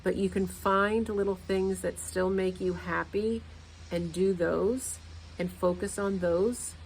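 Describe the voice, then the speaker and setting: A woman's voice: mid-range voice, fairly even intonation, takes it slowly, slight background noise. Earnest woman giving a motivational talk. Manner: earnest, repeats points for emphasis. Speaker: podcast host.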